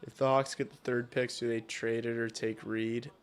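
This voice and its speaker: A man chats with his viewers while streaming a hockey game, blunt and profane, now and then escalating into loud rants. His voice is clean and mid-range, level in tone, at normal speed.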